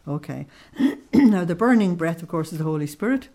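A woman teaching on a devotional text, explaining it line by line and pausing often with "uh". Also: on the low side, lively intonation, mellow. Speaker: religious teacher.

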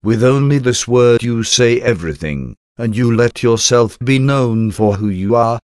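A man reading a devotional prayer aloud in a measured, reverent way, phrase by phrase. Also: medium pitch, darkish tone, clean tone, dry recording, studio quality.

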